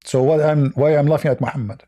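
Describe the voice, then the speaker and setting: A man's voice: a little high, fairly even intonation, quick pace, dark tone. A man hosting a heated debate, insistent and repetitive, cutting in often. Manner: insistent, repeats himself, interrupts. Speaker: debate host.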